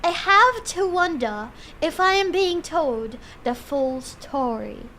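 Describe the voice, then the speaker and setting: A woman's voice: high voice, animated, takes it slowly, pushed and bright, a little hiss or hum, heavily acted. A woman voicing an uneasy new keeper with a put-on British accent, reading game lines aloud.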